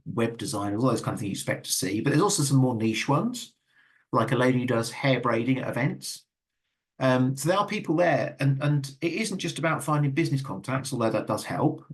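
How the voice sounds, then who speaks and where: Earnest Englishman giving a webinar talk. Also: medium pitch. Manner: earnest, frequent fillers and stammered restarts. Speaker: guest speaker. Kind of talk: webinar talk with audience questions.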